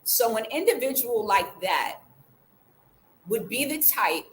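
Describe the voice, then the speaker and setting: A woman vlogger telling a personal story in a casual way, acting out the quoted dialogue with lively changes of voice. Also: fairly high pitch, slow, a little hiss or hum, poor audio. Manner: animated, acts out the quoted dialogue.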